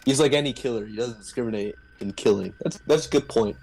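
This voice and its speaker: A man's voice: medium pitch, fast talker, gravelly, a little mellow, poor audio. A man streaming a game with a friend, joking and laughing often as he chats. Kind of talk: casual gaming stream chat.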